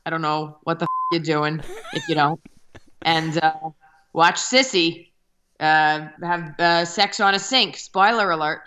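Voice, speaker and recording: A woman's voice: sits low, unhurried, bright, forceful tone. A woman comedian being interviewed remotely, chatting in a wry, self-deprecating way with hesitant starts. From Texas. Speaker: comedian guest. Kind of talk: casual interview over a remote call.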